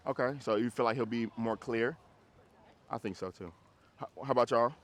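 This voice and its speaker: A man working as a dog trainer, coaching casually outdoors on a walk, animated and often repeating himself as he acts out little scenes. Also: medium pitch, normal speed.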